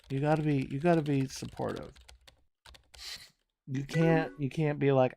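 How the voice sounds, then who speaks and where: Slow, wry male streamer. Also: medium pitch, steady tone, gravelly, warm tone, slight background noise. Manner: casual, wry, swears, thinks aloud. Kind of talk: live game commentary.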